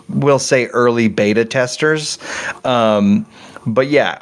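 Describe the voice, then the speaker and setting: A middle-aged man talking casually as a game developer guest on a podcast, rambling and correcting himself as he tells a story with animation. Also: mid-range voice.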